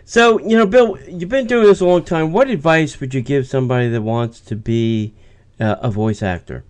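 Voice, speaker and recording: A man co-host puts a relaxed question to the guest. His delivery is plain and conversational. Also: mid-range voice, moderate pace, smooth. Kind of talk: casual interview question.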